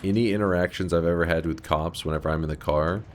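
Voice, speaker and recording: A man streaming a game, telling stories in casual, profane chat and yelling excitedly at the action. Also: sits low, fast talker, slight background noise. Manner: profane, chatty storyteller who breaks into loud excited yells at the game. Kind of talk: casual gaming commentary.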